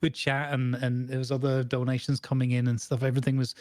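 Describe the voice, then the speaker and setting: A man's voice: mid-range voice, flat delivery, fast, a little mellow, dry recording, clean studio sound. A man, co-hosting a casual chat and telling a long, rambling story full of restarts and fillers. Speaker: podcast co-host.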